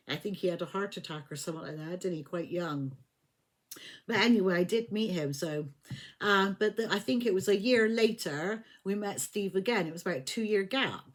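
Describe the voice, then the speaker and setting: An English woman in her fifties telling a rambling personal story in a casual, chatty way, laughing often and swearing now and then. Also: mid-range voice. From England. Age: 50s. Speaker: tarot reader.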